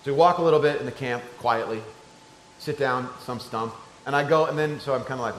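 A middle-aged man preaching a sermon, telling a story and swinging between loud excited shouts and soft hushed tones. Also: medium pitch, brisk, slight background noise. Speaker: pastor. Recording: echoey room with faint ambience.

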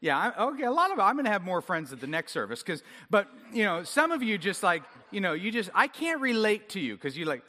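A man preaching a sermon to a congregation, animated and self-deprecating, getting the audience to join in. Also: sits high, fairly quick, few pauses. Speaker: pastor. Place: large church hall. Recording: long hall reverb.

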